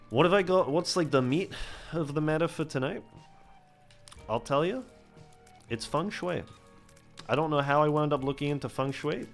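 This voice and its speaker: A young man chats casually over a game he is playing, wandering off on tangents and making fun of himself. His voice sits at a mid pitch, and faint music plays quietly under it. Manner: rambling, digressive, self-deprecating. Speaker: gameplay commentator.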